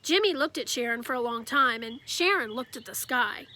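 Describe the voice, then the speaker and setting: Woman reading a kids book aloud, high bright voice, lively storytelling. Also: normal speed. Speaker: reader. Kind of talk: reading a children's novel aloud.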